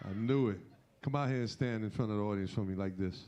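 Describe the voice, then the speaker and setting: A man's voice: lowish voice, fast talker, dark tone. A man from Brooklyn hosting a comedy show, hyping and teasing the crowd. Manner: hypes and teases the crowd. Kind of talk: stand-up hosting and crowd work. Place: comedy club stage with live audience.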